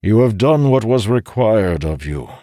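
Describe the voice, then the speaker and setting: A man's voice: fairly low pitch, big pitch swings, measured pace, dark tone, no room sound, studio quality, pitched above the performer's own voice. A man voicing a droning old codger who lectures in a firm, scolding tone. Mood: stern.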